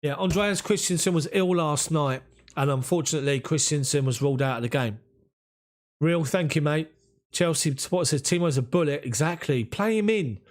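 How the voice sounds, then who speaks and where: A man from England with a London accent hosts a live football watch-along for his fan channel. His voice is a little high and his pace fairly quick as he chats and reads out viewer comments, thanking people by name.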